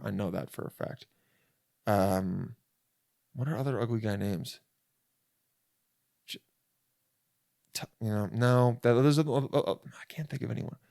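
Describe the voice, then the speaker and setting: A man's voice: medium pitch, no echo, studio quality. A young man hosting a podcast, telling a rambling comedic monologue in a crude, self-interrupting way from a bed in a rental apartment. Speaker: podcast host.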